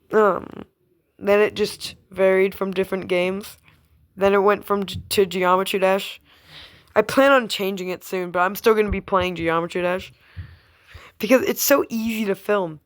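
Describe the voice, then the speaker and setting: A young woman talks casually to her camera as a gaming YouTuber. She rambles, giggles and teases, and often lets a thought trail off before jumping to the next. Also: medium pitch.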